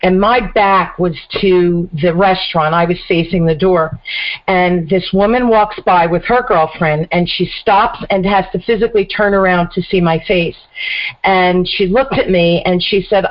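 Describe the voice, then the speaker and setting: A middle-aged woman hosting a radio talk show, telling a story in a casual, animated way. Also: mid-range voice, brisk. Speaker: host. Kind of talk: casual chat. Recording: dull lo-fi radio audio.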